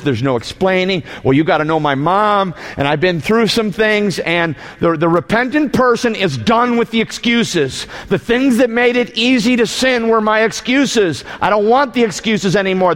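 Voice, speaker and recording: A male pastor preaching a sermon, animated and emphatic, sometimes shouting and mimicking mocking voices. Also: a little high, vocal fry. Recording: long hall reverb.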